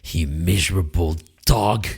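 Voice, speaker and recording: A man doing a gruff, low-voiced warrior. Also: unhurried, darkish tone, heavily acted. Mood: menacing. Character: gruff, tough male warrior with a hammer.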